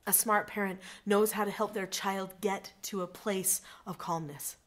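A woman's voice: mid-range voice, steady tone, unhurried, few pauses. A middle-aged woman coaching parents in a direct-to-camera lesson, earnest and instructive, repeating her key points.

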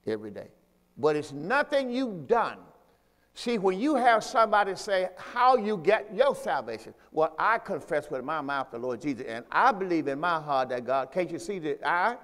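A man with a high, lifted voice leads a church sermon, pressing his points through repetition and emphasis. He calls the congregation to repeat phrases after him. His voice rings out with a long hall reverb around it. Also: a bit bright. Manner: call-and-response preaching, asks congregation to repeat; repetitive, emphatic teaching delivery. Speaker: pastor.

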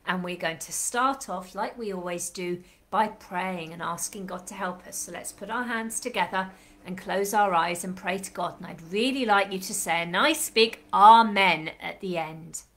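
A woman with a slightly croaky throat leading a children's class on a live stream, chatting warmly to the watching children with sing-song greetings. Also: mid-range voice, moderate pace. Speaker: children's club leader. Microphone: live stream webcam.

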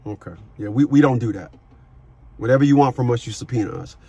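A middle-aged man who coaches people on child support, talking forcefully on a call, cursing and repeating words as he starts sentences. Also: medium pitch, quick pace, husky, dry recording. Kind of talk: phone consultation with a caller.

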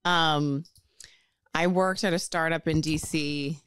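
A woman's voice: low-pitched, fairly even intonation, slow pace, a bit bright, clean tone, dry recording. A woman in her thirties co-hosting a podcast, telling stories in casual chat, full of "like"s, acting out what others said. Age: 30s. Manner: chatty storyteller, many "like"s, acts out quotes. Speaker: podcast co-host.

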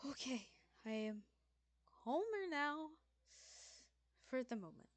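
A woman's voice: extremely high pitch, steady tone, a little slow, no room sound. A woman voicing a timid, nervous young man who stammers and apologizes as he sobs. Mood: shaky.

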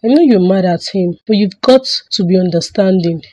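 A woman with a Nigerian accent voicing a sister who persistently coaxes her sibling, in an animated drama. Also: medium pitch, a little fast, husky, natural voice. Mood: coaxing. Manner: coaxing, persistent. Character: persuasive older sister giving advice.

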